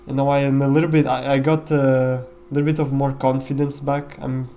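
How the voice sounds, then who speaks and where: A man's voice: mid-range voice, level tone, fairly quick, mellow, lo-fi sound, a little hiss or hum. Rambling man doing casual game commentary. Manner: rambling, with many fillers and restarts. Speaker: gameplay commentator.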